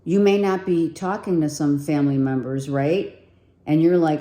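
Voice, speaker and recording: A woman's voice: low voice, moderate pace, warm tone, reverberant. A woman giving a casual tarot reading to her viewers, chatty and repetitive, thinking aloud as she pulls cards, her voice nearly giving out. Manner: chatty, repeats herself, thinks aloud while pulling cards. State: losing her voice. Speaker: tarot reader.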